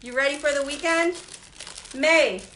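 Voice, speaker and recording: Upbeat livestream seller, woman, high bright voice, echoey room, greets viewers by name. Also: a little slow, a little hiss or hum. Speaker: jewelry seller hosting a livestream. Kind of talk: casual live sales chat.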